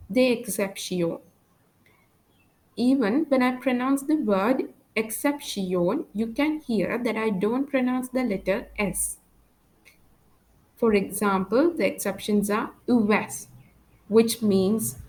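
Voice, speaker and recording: A woman teaching a French lesson at an unhurried pace. Her voice sits a little high, and she patiently repeats every example word. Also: darkish tone, low-quality recording. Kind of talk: language lesson.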